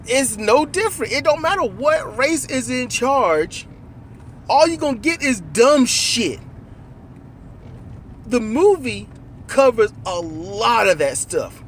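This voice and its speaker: Animated, swearing man chatting in a car. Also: extremely high pitch, slow pace, slight background noise. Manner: animated, profane, acts out lines. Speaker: co-host. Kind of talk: casual movie chat. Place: in a car while driving.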